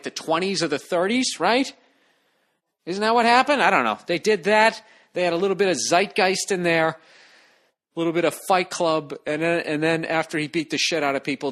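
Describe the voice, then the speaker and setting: A man's voice: mid-range voice, fairly bright tone. A middle-aged man hosting a solo podcast, rambling in a sarcastic, profane rant full of asides. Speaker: podcast host.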